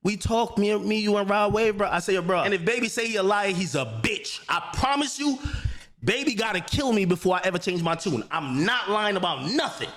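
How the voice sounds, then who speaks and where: Heated man ranting, high voice. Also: expressive, brisk. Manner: swears a lot, repeats himself, grows loud and shouting. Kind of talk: heated storytelling rant.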